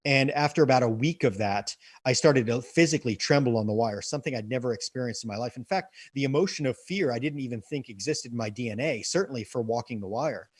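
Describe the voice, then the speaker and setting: A man's voice: mid-range voice, fast talker, hardly any pauses, slightly rough, dry recording, studio quality. An earnest man telling a personal story as an interview guest, often repeating words as he restarts sentences. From United States.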